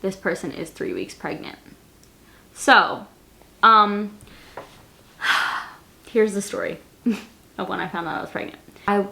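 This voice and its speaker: A woman's voice: medium pitch, vocal fry, bright, forceful tone. A woman in her late twenties, chatting casually in a Q&A vlog, rambling and repeating words, with lots of "like" as she answers viewers. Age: late 20s. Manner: answers viewer questions straight to camera. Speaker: vlogger.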